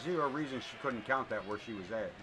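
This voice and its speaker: A man streaming live, calling wrestling play-by-play and chatting casually in an excitable, rambling way, swearing now and then. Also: mid-range voice, fast, background noise. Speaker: streamer commentating a wrestling game. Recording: music playing behind.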